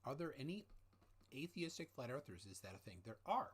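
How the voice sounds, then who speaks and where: A man hosting a casual livestream, reading out chat comments in a rambling, halting way with many fillers, holding his mic close at home. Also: mid-range voice, big pitch swings, slightly rough. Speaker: livestream host. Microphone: handheld mic held close.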